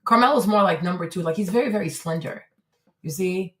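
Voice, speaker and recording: A woman's voice: fairly low pitch, brisk, a bit bright. A woman hosting a casual livestream, talking loosely and animatedly, swearing freely and breaking into surprised exclamations. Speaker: livestream host. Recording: roomy echo.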